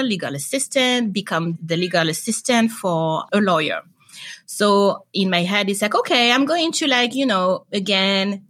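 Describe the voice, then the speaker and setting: Young woman, podcast guest; lower voice, bright tone, animated storyteller. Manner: animated storytelling with quoted dialogue. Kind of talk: casual interview chat.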